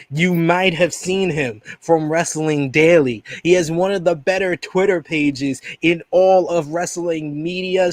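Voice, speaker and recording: A man's voice: on the high side, no echo. A man hosting a live wrestling review stream, reading upbeat plugs and introducing a guest. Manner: upbeat promo-style plugs. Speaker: podcast host.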